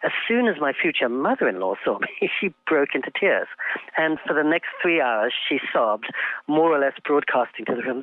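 A man's voice: mid-range voice, sing-song, no room sound. An older man from England talks through an interview in a thoughtful, articulate way, with frequent ums as he gathers his thoughts. His voice comes through a tinny, narrow phone line. The sound is dry, with no room around it. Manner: thoughtful, articulate, halting with fillers. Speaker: interview guest. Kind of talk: reflective interview conversation.

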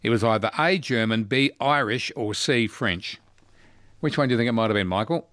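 A man's voice: medium pitch, brisk, a bit bright, no room sound. A man hosting a casual talkback radio quiz, chatty and teasing with his callers.

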